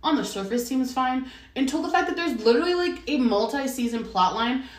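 A woman co-hosting a casual chat, animated and swearing often, with lots of "like" fillers. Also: high voice, a little fast. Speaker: podcast co-host. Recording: roomy echo, a bit far from the mic.

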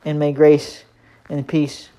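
A man's voice: on the high side, monotone, slow pace, dark tone. A man hosting his own podcast, talking in a casual, easygoing solo monologue that rambles with frequent hesitations. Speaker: podcast host.

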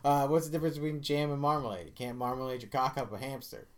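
A man's voice: medium pitch, steady tone, quick pace, a little hiss or hum. A man co-hosting a podcast in casual rambling chat, crude and full of fillers. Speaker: podcast co-host.

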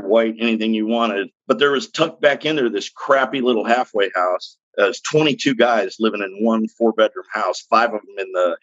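A man's voice: lowish voice, fairly bright tone, no echo, lo-fi sound. A man in his fifties, a podcast guest, telling his own story in a blunt, frank, plainspoken way with casual slang. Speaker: podcast guest, recovery interventionist. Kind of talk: candid personal storytelling.

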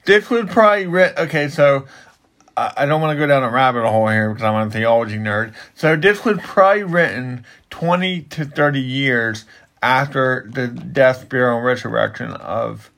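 A man's voice: mid-range voice, moderate pace, creaky, fairly bright tone. A man who works in ministry, explaining a Bible passage in casual, rambling talk with frequent restarts. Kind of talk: casual Bible study chat.

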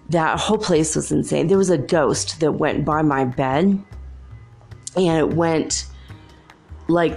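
Low gravelly woman telling rambling stories. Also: a little mellow. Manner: rambling, chatty, laughs often. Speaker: show host. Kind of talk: casual storytelling monologue.

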